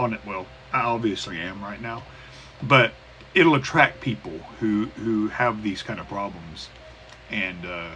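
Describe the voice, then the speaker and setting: A man in his thirties talking haltingly in a personal recovery vlog, with many restarts and fillers. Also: mid-range voice, sharp tone. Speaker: vlogger. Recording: poor cheap-mic sound with faint hiss.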